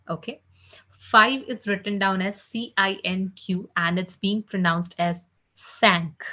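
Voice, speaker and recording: A woman's voice: mid-range voice, expressive, a little slow, fairly bright tone. A woman teaching French in an online class, saying each sound several times and checking with "okay?" after nearly every line. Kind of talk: slow spelled-out pronunciation lesson. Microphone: computer mic on a video call. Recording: slightly dull, muffled online class audio.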